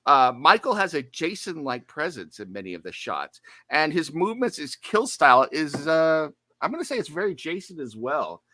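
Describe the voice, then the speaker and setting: A man's voice: fairly high pitch, very animated, moderate pace, hardly any pauses, bright, forceful tone, no echo. A man co-hosting a horror movie podcast, chatting casually with jokey, self-deprecating asides. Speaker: podcast co-host.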